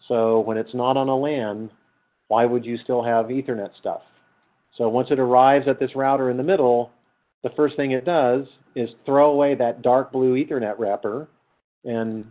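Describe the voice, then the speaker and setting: Middle aged guy lecturing, asks the class stuff then answers it, sounds like a tinny classroom recording, normal pitch. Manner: conversational, quizzes students with questions and answers them himself. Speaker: university lecturer.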